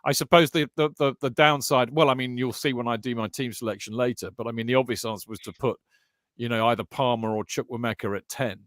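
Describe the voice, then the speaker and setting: A man's voice: mid-range voice, fast, no room sound, studio quality. A man co-hosting a football podcast, chatting casually with friends, bantering, restarting sentences and calling people mate. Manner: animated, banter-filled, stammering restarts, calls others mate. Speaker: podcast co-host.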